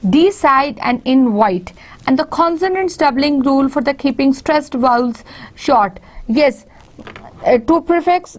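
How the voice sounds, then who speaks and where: A university lecturer with a high-pitched voice gives a slow, unhurried classroom lecture. She repeats example words slowly, again and again, to model their stress. Her delivery is full of fillers, frequent pauses and restarted sentences.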